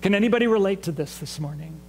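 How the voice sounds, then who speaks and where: A man's voice: high voice, animated, quick pace, over music, low-quality recording. A man preaching a sermon in a church in a conversational way, asking the congregation to respond. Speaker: pastor. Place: church sanctuary.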